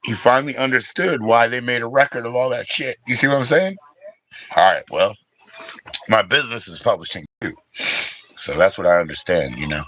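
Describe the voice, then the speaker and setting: A man's voice: mid-range voice, a little fast, a bit bright, dry recording, rough recording. A middle-aged man with a casual, rambling and profane way of talking, hosting his own livestream and chatting with viewers. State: briefly emotional, teary. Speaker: livestream host.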